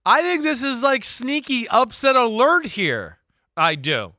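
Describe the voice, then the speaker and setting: A man with a high, bright voice gives his football picks in an animated, emphatic rush, restarting his sentences as he goes. He sounds close and dry, with no room around him. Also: measured pace, dry recording. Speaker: co-host, football analyst. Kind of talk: casual sports chat.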